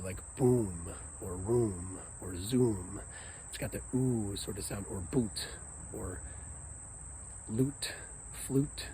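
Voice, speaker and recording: A man teaching children a vocal warm-up outdoors at a nature center, upbeat and now and then singing the vowel sounds out. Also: on the low side, unhurried, a little hiss or hum, rough recording. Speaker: music teacher.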